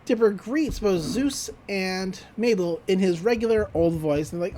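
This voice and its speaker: A podcast host in a casual recap of a cartoon episode, animated and often laughing, slipping into quick character voices. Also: medium pitch, a little hiss or hum.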